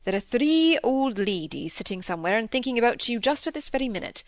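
Woman reading a gruff, fond doctor father. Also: a little high, big pitch swings, fairly quick, no echo, clean studio sound. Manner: grave, teasing, with little impatience. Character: middle-aged male country doctor, gruff but fond father. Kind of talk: audiobook dialogue reading.

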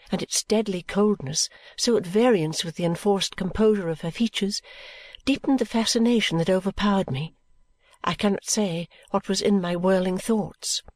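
A woman reading a novel aloud as a first-person audiobook narrator, with a calm, even storytelling delivery. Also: mid-range voice, dry recording. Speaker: audiobook reader.

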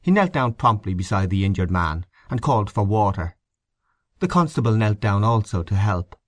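Low-voiced man narrating a short story. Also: very animated, normal speed, no echo, studio quality. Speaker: audiobook narrator.

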